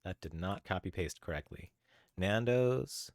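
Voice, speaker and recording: A man's voice: sits low, expressive, a little slow, dry recording, studio quality. A man streaming live, chatting casually with viewers while coding and getting sidetracked. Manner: easily sidetracked, greets chatters by name; chatty, thinks aloud while searching.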